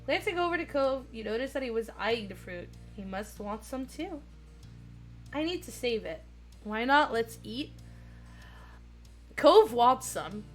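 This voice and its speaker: A young woman streaming, reading a dating game aloud and chatting with viewers, excitable with squealing laughs. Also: on the high side, a little slow, pauses often, soft background music.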